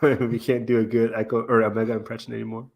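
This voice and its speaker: A man's voice: mid-range voice, level tone, fast talker, vocal fry, darkish tone. A man hosting a casual fan podcast, rambling with lots of fillers, laughing often and swearing casually. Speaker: podcast host.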